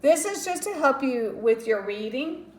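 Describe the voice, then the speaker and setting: A woman's voice: high voice, lively intonation, normal speed, darkish tone, reverberant. A woman teaching a phonics lesson to children, patient and step by step, stretching out the sounds of words. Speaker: reading teacher.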